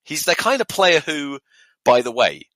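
A man's voice: a little high, a little slow, no echo. A young man hosting a podcast, ranting casually and profanely about rugby fans. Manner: lively, profane, ranting with mock voices. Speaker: podcast host.

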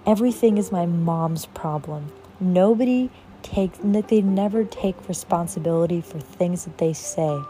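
A young woman podcast host tells a personal story in a casual monologue, saying "like" constantly, swearing freely, and quoting others in acted voices. Her voice is lowish and warm.

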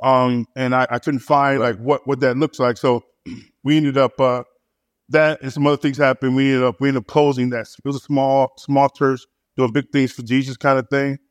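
A man, a pastor, telling his story in casual conversation, halting with many repeated words and fillers. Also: medium pitch, flat delivery, smooth, no room sound. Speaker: pastor and church planter.

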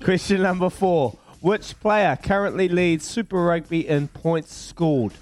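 A man hosting a breakfast radio quiz, playful and quick to laugh. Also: sits high, darkish tone, faint music behind. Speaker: radio show host.

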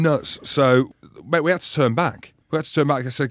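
A man co-hosting a podcast, telling lively anecdotes in casual banter and acting out the shouts of people in his stories. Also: a little high, moderate pace, few pauses, no room sound. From Scotland. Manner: animated storyteller, acts out loud voices in anecdotes. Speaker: podcast co-host.

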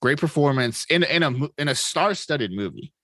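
A man co-hosting a casual podcast, his voice bright and forceful. He talks excitably and swears freely, and the dry, close sound has no room echo. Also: fairly high pitch, normal speed. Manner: profane, excitable, laughs often. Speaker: podcast co-host. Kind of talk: casual movie chat.

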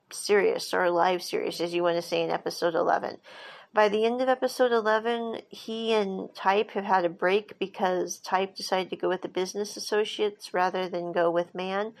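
Woman reviewer, chatty recap voice with a gravelly fry, mid pitch. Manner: chatty, retells scenes with quoted dialogue. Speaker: drama reviewer. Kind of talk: casual episode recap.

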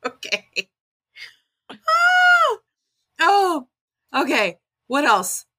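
A woman co-hosting a podcast in casual chat, telling stories in an excitable, rambling way with lots of giggling. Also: very high voice, extremely slow, raised voice. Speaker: podcast co-host.

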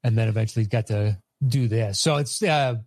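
A man's voice: lowish voice, normal speed, darkish tone, no room sound, studio quality. A man co-hosting a casual movie chat, recapping plots in a rambling way with filler words. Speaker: podcast co-host.

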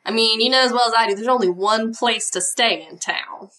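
A woman's voice: on the high side, a little fast, sharp tone. A woman voicing a chatty small-town diner waitress with a put-on Southern accent, calling people honey. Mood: folksy.

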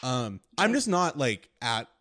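A man's voice: medium pitch, very animated, a little slow, fairly bright tone, dry recording, studio quality. A young man co-hosting a podcast, telling a story animatedly with frequent laughter. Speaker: podcast co-host. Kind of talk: casual podcast chat.

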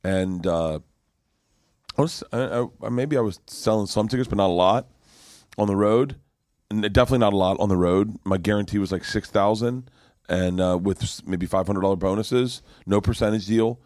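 A middle-aged male comedian tells a story in loose, animated chat, tripping over restarts and swearing freely. His voice sits a little low, and it is recorded close and dry with no room sound. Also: normal speed, no echo. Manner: rambling, profane, animated storyteller with many restarts. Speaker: comedian guest.

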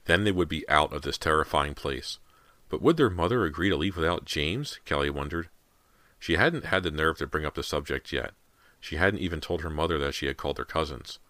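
Very deep-voiced male audiobook narrator. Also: expressive, fairly quick, pushed and bright, dry recording. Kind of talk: scripted horror narration.

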